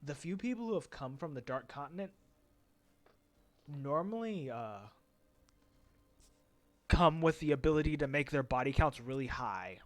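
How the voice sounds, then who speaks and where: A man's voice: on the high side, expressive, normal speed, pauses often. A man running a tabletop game as game master, casual and hesitant, with many fillers.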